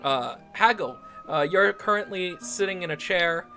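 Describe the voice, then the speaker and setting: A man's voice: sits high, expressive, moderate pace, sharp tone, faint music behind. A man narrating as game master of a tabletop game, rambling with frequent restarts and laughs.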